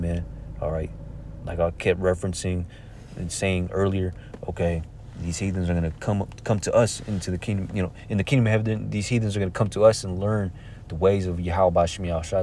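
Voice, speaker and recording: A man's voice: sits low, warm tone, slight background noise. A man preaching informally from scripture, talking conversationally and checking in with "all right?" and "man" between verses he reads aloud. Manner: reads verses aloud in old-fashioned wording.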